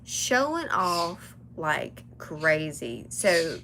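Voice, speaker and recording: Chatty gravelly-voiced woman. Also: sits low, drawn-out words, slight background noise. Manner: chatty, animated, talks to live chat. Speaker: tarot reader. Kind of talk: casual storytelling during a live reading.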